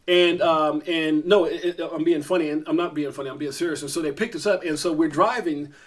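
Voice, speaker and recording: A middle-aged man hosts his own vlog and tells a story straight to camera. His voice sits a little high, and he rambles, doubles back and fills gaps with ums as he goes. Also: fairly quick. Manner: rambling, animated, many fillers and restarts. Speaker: vlog host.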